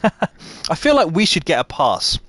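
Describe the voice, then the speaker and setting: British gaming streamer, light and self-deprecating, a little high-pitched, dry and close-miked. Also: male voice, wildly swooping pitch, a bit bright, dry recording. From Britain. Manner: self-deprecating, quick asides to chat, laughs often. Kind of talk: casual live gameplay commentary.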